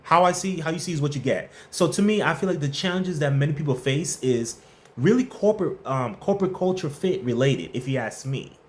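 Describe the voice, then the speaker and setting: A man hosting a relaxed advice livestream, his voice sitting a little high and swinging widely in pitch. He talks in a loose, playful, slangy way, reading viewer questions and welcoming people in the chat by name. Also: fairly quick. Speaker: host of a workplace advice livestream. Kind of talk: casual live-stream chat answering viewer questions.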